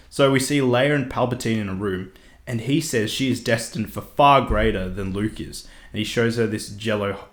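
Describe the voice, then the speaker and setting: Man recapping a story in an echoey room. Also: lowish voice. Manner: animated storytelling with laughs and acted quotes. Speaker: co-host recapping a comic. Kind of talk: casual chat.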